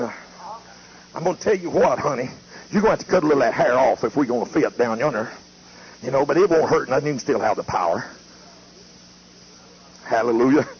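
A man's voice: on the high side, lightly acted. A preacher putting on the voice of old Lot, a worldly patriarch coaxing his wife, with a folksy drawl and a wheedling, sweet-talking manner. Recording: muffled lo-fi tape with faint hiss.

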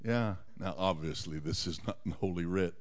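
A man's voice: low voice, steady tone, fairly quick. A male preacher retelling a Bible story dramatically, acting out scenes with folksy asides.

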